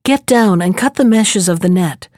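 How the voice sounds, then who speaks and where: A woman reading aloud, voicing a wise, kindly talking horse who gives calm, patient advice. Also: mid-range voice, normal speed, dry recording, clean studio sound, natural voice.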